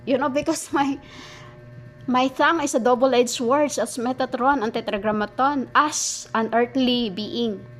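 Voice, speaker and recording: A woman giving a rambling spiritual monologue, halting and restarting her words often. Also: a little high, faint music behind, poor audio. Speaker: spiritual speaker.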